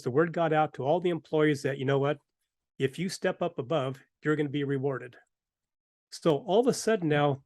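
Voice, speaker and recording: A middle-aged man hosts a talk show and tells a workplace story in a relaxed, conversational way. He acts out the other people's lines as he goes. His voice sits a little high for a man, and the recording is close and dry. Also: no echo. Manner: animated anecdotes with acted-out quotes. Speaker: host. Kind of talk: casual storytelling.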